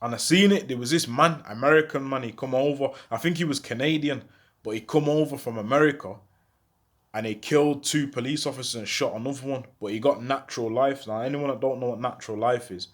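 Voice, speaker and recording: A man's voice: medium pitch, a little fast. A man telling a story in casual street slang, acting out the dialogue and often checking in with the listener. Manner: animated, acts out dialogue.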